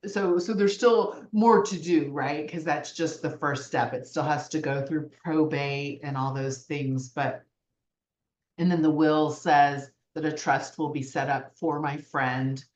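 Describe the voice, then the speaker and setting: A woman co-hosting a casual podcast chat, talking through a story with frequent pauses. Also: low-pitched, steady tone, darkish tone, echoey room. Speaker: podcast co-host.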